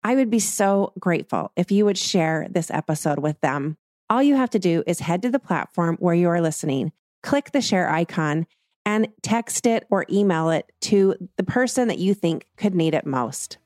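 A woman's voice: on the low side, animated, normal speed, darkish tone, no room sound, studio quality. A middle-aged woman hosting a podcast, chatty and snarky, often acting out both sides of a conversation. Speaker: podcast host. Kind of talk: casual podcast interview.

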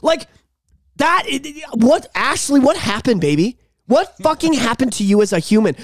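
Ranting podcast host, swooping voice. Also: male voice, very high-pitched, sing-song, moderate pace. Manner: ranting, profane, heated. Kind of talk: casual podcast chat.

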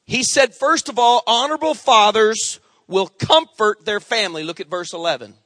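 A middle-aged male pastor preaching a sermon in an animated way, calling on the congregation for amens. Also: high voice, normal speed, no echo.

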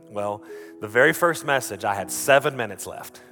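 Earnest pastor over music. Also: male voice, fairly low pitch, lively intonation, brisk, bright, forceful tone. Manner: storytelling, folksy and earnest with many restarts. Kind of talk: sermon. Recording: music playing under the voice.

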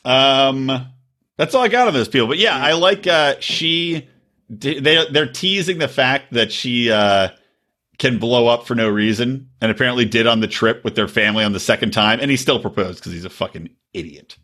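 A man co-hosting a podcast in casual chat, profane and quick to laugh. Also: mid-range voice. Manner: profane, animated, laughing storyteller. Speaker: podcast co-host.

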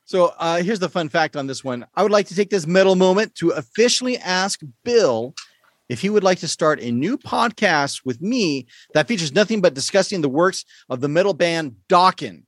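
A man hosting a casual podcast quiz, playful and quick to laugh. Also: high voice, no room sound. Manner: playful, laughs often, lively delivery. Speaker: quiz show host.

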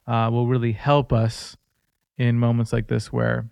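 A man's voice: medium pitch, completely flat delivery, unhurried, creaky, a little mellow, clear, resonant tone, dry recording, studio quality. A man in his thirties co-hosting a casual faith-based podcast, telling personal stories in an earnest, conversational way. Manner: earnest storytelling. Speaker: podcast co-host.

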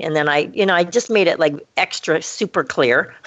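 At a normal speed, a woman shares a story while co-hosting a casual podcast chat, animatedly performing the dialogue she quotes. Her audio is dry, dull, and low-fi, with no room sound.

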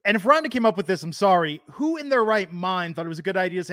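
High-voiced man riffing sarcastically. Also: expressive, quick pace, a bit bright, dry recording, clean studio sound. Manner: sarcastic, joking riffs. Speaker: podcast co-host. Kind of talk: casual chat.

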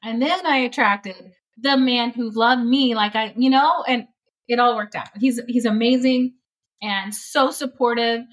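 A woman's voice: fairly high pitch, a little slow. Earnest, laughing middle-aged woman guest. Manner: earnest, laughs often while talking. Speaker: energy healing practitioner, guest. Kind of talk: conversational interview.

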